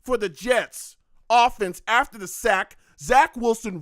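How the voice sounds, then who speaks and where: A man's voice: high voice, animated, normal speed, fairly bright tone, no room sound, studio quality. A man hosting a live football game reaction stream, groaning and exasperated as he reacts and reads chat comments.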